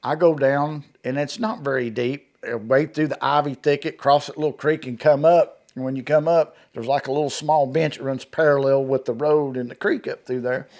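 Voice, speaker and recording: A man with a drawl tells a frightening story from his own life at a middling pitch. He retells it vividly, stumbling over restarts and acting out the quotes. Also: fairly even intonation, moderate pace, hardly any pauses, darkish tone. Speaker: eyewitness guest. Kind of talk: telling a personal encounter story.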